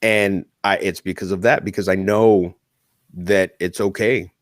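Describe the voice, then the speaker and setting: A man's voice: sits low, fairly even intonation, measured pace, no echo, studio quality. A man co-hosting a podcast, telling a personal story in casual chat with plenty of swearing. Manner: swears a lot in heartfelt storytelling. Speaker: podcast co-host.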